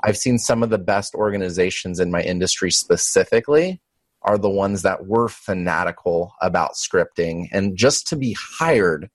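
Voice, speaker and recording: A man's voice: low voice, normal speed, no echo. A man hosting an interview, enthusiastic, often restarting his phrases. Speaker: host. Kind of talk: conversational interview.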